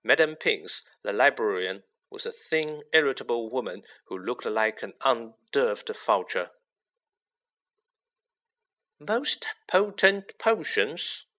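A man reading a children's novel aloud as narrator, with lively expression. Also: fairly low pitch, unhurried, few pauses. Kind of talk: audiobook reading.

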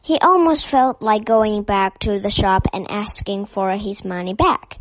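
A woman narrating a children's story with a gentle, careful reading. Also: medium pitch, expressive, measured pace, creaky, few pauses, dry recording. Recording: dull dry lo-fi recording.

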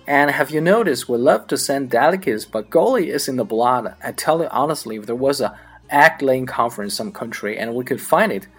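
Male reader, Chinese native speaker, husky mid-pitched voice, comic monologue with folksy storytelling emphasis. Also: animated, fairly quick, fairly bright tone, soft background music. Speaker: English learner practicing accents. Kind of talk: reading a comic monologue aloud.

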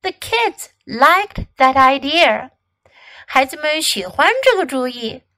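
A woman English teacher reading a children's storybook aloud in two languages, slow and expressive. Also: high voice.

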